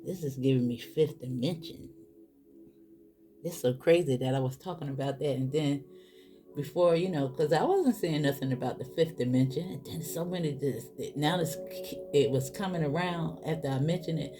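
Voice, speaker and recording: A woman's voice: deep voice, moderate pace, faint music behind. A woman, doing a casual tarot reading and talking straight to her viewers. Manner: animated, exclaiming, talks straight to viewers as boo and y'all. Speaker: tarot reader.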